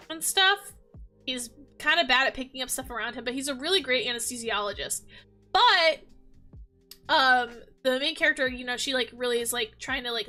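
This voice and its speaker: A woman's voice: sits high, sharp tone. A woman chatting casually as a gaming vlogger, gushing and rambling with lots of fillers. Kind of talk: casual chat.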